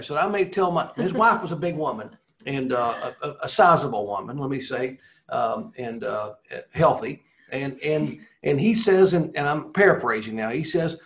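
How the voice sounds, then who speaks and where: Man, ex-racing broadcaster, swapping stories in an interview; rambling, animated, voice on the higher side. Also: moderate pace. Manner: rambling, animated anecdotes with many restarts. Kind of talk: casual storytelling interview.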